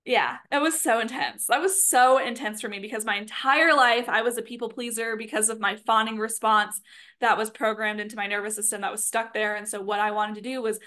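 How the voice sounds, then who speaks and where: A woman's voice: a little high, steady tone, a little fast, bright, forceful tone. A young woman telling a personal story in a casual, chatty monologue, full of "like" and "um". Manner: chatty, filler-heavy, with frequent "like". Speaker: spiritual content creator.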